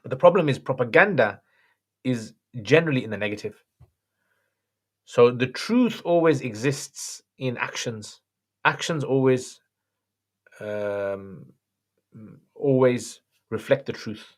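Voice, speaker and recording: A man hosting a livestream and answering viewer questions in a relaxed, chatty way. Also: mid-range voice, takes it slowly, pauses often. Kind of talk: casual chat.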